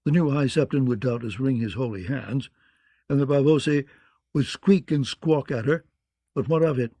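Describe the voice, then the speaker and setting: Male audiobook narrator, dark mellow tone, dry close sound, measured. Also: mid-range voice, no echo. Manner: even, measured storytelling. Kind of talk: scripted narration.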